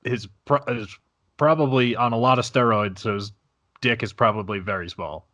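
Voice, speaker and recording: A young man co-hosting a podcast in casual chat, talking haltingly with lots of fillers. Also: mid-range voice, steady tone, fairly bright tone, no room sound. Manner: hesitant, halting with many fillers. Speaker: podcast co-host. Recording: dull, muffled mic.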